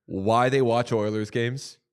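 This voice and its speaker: A man's voice: medium pitch, steady tone, clear, resonant tone. A man co-hosting a casual hockey podcast, joking around and slipping into mock quotes. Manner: jokey, quick asides and mock quotes. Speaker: podcast co-host.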